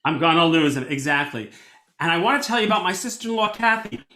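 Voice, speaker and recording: An animated male cantor leads a storytelling lesson in a lively, conversational way, his voice high and bright. He often backs up and restarts mid-sentence. The sound is roomy, with a clear echo around him. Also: fast. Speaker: cantor teaching a storytelling workshop. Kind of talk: workshop lesson. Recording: echoey room.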